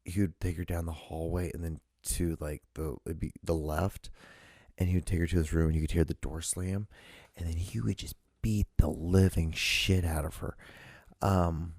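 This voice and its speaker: A man's voice: sits low, fairly even intonation, normal speed, a little mellow, dry recording, studio quality. A young man hosting a solo podcast, rambling casually and swearing a lot between fillers. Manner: rambling and profane, full of fillers. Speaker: podcast host.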